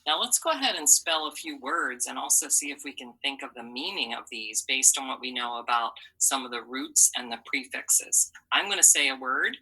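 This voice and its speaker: A woman's voice: extremely low pitch, animated, moderate pace, few pauses, bright, forceful tone, breathy edge, rough recording. A woman teaching a phonics lesson to children, patiently sounding out letters and syllables and encouraging them.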